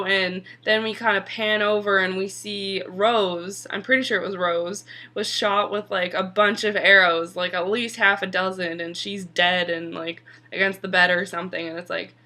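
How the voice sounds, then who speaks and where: Chatty young woman with a bright voice. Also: mid-range voice. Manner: chatty, many "like" fillers, occasional swearing. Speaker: TV episode reviewer. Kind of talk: casual vlog recap.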